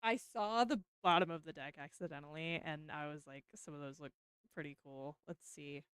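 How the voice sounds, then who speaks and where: A young woman streaming as she opens trading cards, talking casually, mumbling nervous asides and breaking into excited squeals. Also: low-pitched, moderate pace, smooth, no room sound, clean studio sound. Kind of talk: casual card-opening stream chat.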